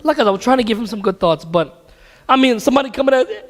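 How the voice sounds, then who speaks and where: A man teaching a casual religious class at a mosque, telling stories with laughs and animated asides. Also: very high-pitched, fast talker. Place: mosque hall. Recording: hall reverb.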